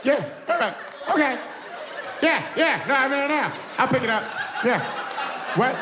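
A man's voice: very high-pitched, lively intonation, a little slow, crowd noise, background noise, voice pushed up. A comedian playing a meek, henpecked man who keeps agreeing on the phone. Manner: timid, repeats yes over and over. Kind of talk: stand-up comedy bit. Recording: live show, loud audience, echoey venue.

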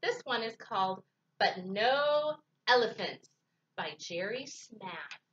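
A woman librarian reading picture books aloud to children in an expressive storytime voice. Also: medium pitch, slow, distant mic, dull audio, a little hiss or hum.

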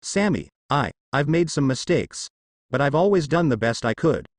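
Man doing a tired sorry dad, halting apologetic talk, lively pitch. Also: dry recording, clean studio sound. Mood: regretful. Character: weary father, regretful and tender.

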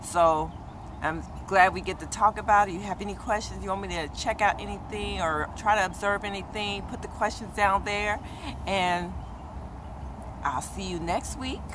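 A woman beauty vlogger in casual chatty talk, checking in with her viewers with "okay?" and getting animated and repetitive when excited. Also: mid-range voice, normal speed, noisy background. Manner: animated, exclaims and repeats herself when excited; talks straight to her viewers with frequent "okay?". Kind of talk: casual chatty product review.

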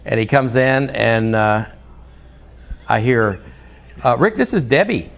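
An older man, a guest on a podcast, tells rambling, funny anecdotes in a medium-pitched, gravelly voice, very animated yet slow-paced. He laughs through his casual stories and acts out quoted voices.

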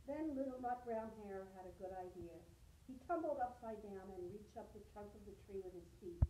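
A woman librarian reading a children's picture book aloud in a friendly, brisk storytelling way. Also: mid-range voice, mellow, slight background noise. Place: library room. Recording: roomy echo.

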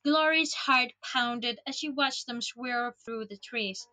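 A woman with a high, bright voice reads a novel aloud on a livestream, lively and expressive. She speaks close to a desk microphone, and faint music plays softly in the background. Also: slow, hardly any pauses, low-quality recording. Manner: expressive reading, with laughing asides. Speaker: streamer reading a book aloud. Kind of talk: reading a novel aloud on stream.

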